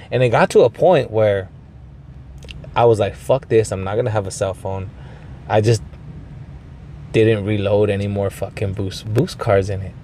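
A man hosting a podcast, telling a rambling story with lots of swearing, throat clearing and bits of Spanish. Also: lowish voice, darkish tone, slight background noise. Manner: mixes in Spanish phrases. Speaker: podcast host. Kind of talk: casual storytelling monologue.

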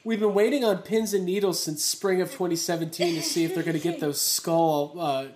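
A woman's voice: fairly low pitch, fairly even intonation, fairly quick, a little mellow. Woman podcast co-host in a roomy space. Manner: joking, swears freely, mimics people. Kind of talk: casual podcast banter. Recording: roomy with faint background noise.

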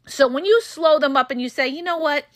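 A woman podcast host and relationship coach giving blunt, profane advice straight to her listeners, her voice going hoarse. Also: high-pitched, fairly quick, a bit bright, dry recording, clean studio sound. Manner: frank, profane, emphatic, addresses listeners as "you guys". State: losing her voice.

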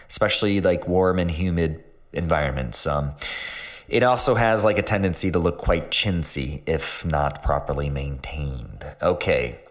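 Low-voiced man explaining casually. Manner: rambling, filler-heavy, self-mocking. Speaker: podcast host.

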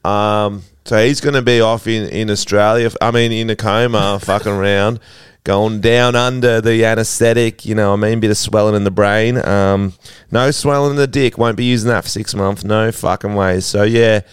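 A man doing a foul-mouthed English bloke who rambles, swears and fumbles for words in a raised, lively voice. He sounds clear and smooth, close and dry. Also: fairly low pitch, normal speed, few pauses, no echo, natural voice. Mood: crude, rambling. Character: crude rambling English man, a brother giving bad news. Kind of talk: improvised comic voicemail bit.

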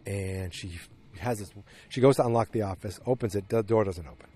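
Low-voiced man rambling through a recap. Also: a little fast, dark tone. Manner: meandering retelling with frequent restarts and fillers. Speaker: podcast host recapping a TV episode. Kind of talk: casual recap monologue.

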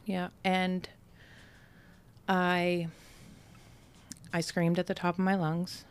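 A woman's voice: fairly low pitch, little pitch movement, takes it slowly, clean tone. A woman from Massachusetts, a podcast guest, telling a personal story casually with many "like"s and quoted dialogue. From Brockton, Massachusetts. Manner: casual, fillers "like" often, quotes people in her story.

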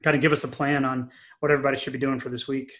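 A middle-aged man from New England co-hosting a podcast, telling a long anecdote in a chatty, animated way with many fillers. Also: medium pitch, racing. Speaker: podcast co-host. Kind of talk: casual podcast chat, storytelling.

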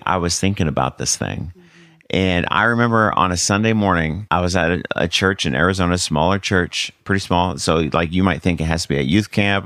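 A man's voice: low-pitched, a bit bright, no echo, clean studio sound. A male pastor, a guest on the show, telling his testimony in a rambling, conversational way with lots of fillers. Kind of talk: storytelling testimony in casual chat.

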